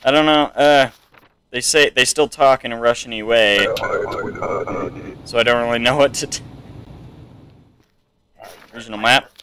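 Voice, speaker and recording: This young gameplay streamer has a mid-range, slightly bright voice with fairly even intonation, a moderate pace, and frequent pauses, over a little hiss or hum. He chats casually through a let's play, reading the game's text aloud and trying out silly accents and voices.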